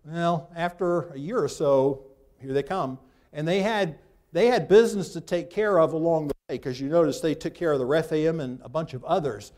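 A man's voice: a little high, moderate pace, a little mellow. A man teaching a Bible class, reading scripture aloud, then breaking off with loose asides as he points things out on a map. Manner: talks loosely, with restarts, while pointing at a map.

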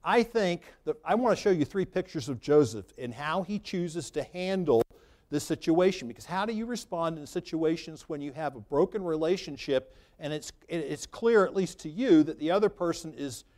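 A man's voice: on the high side, expressive, normal speed, darkish tone. A man preaching a sermon in a conversational, free-flowing way, lifting his voice for emphasis.

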